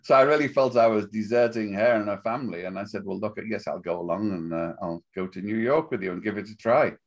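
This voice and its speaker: An older man with a Liverpool accent, chatting as a guest in a relaxed interview, wry and rambling, often laughing at his own jokes. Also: lowish voice, fast talker. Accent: Liverpool (Scouse). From Liverpool, England.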